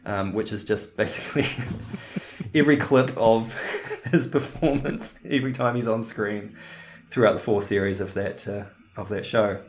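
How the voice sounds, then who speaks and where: Man, low-pitched, podcast co-host, rambling, laughs a lot. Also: moderate pace, a little hiss or hum. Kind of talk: casual chat.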